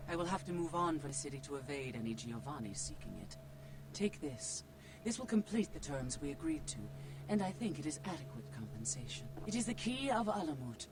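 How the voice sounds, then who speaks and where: A cold, secretive vampire dealer in a video game, speaking in a measured, aloof way. His pitch rises and falls a lot as he talks. A clear hum of noise sits under the game audio. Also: big pitch swings. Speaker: game character.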